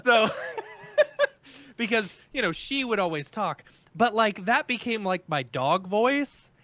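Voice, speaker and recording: Slow, halting, bright-voiced podcast host man. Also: high-pitched, huge pitch swings, lo-fi sound. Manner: slow, halting, many fillers. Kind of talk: casual chat.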